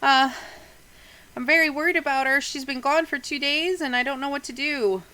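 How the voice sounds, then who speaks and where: A fretful halfling mother in a tabletop game, her voice set high and bright, as a woman acts her out. She keeps stumbling over her words and pleading for help. Her tone stays anxious and fraying. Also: moderate pace, rough recording. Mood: worried. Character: worried halfling mother, frantic and tearful. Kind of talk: tabletop role-play voicing.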